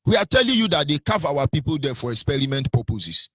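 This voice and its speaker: A man's voice: a little high, big pitch swings, fast talker, a bit bright, breathy edge, no echo. A man with a Nigerian accent giving impassioned radio commentary, scolding his listeners with repeated rhetorical questions and stumbling over fillers.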